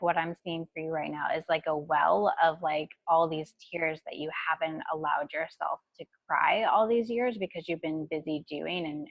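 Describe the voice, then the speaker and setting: Gravelly woman on dull lo-fi call audio. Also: deep voice, no echo. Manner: supportive, chatty, lots of likes. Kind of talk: casual group call.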